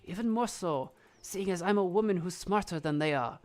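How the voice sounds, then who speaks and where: A woman voicing a bitter, scornful older village witch in a visual novel, with a low, drawling put-on voice and a vague accent. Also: normal speed, a little mellow, lightly acted. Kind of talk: reading a visual novel aloud.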